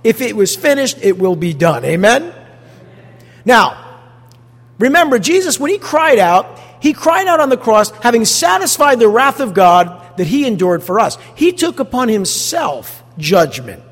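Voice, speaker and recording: In a big, echoing room, a pastor with a very high-pitched voice preaches a sermon at a slightly slow pace. He is animated and keeps throwing rhetorical questions at the congregation.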